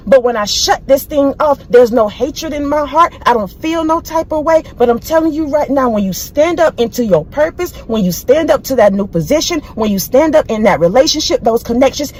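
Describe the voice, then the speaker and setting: Emphatic high-voiced motivational woman. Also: a little mellow, a little hiss or hum, rough recording. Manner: bold, emphatic, repeats phrases. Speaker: inspirational speaker. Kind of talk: preachy motivational monologue.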